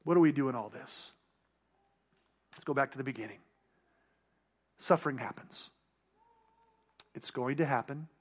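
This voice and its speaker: A pastor delivering a sermon, building emphatic rhetorical questions and repeated refrains. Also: male voice, mid-range voice, moderate pace, pauses often, husky. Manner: emphatic preaching.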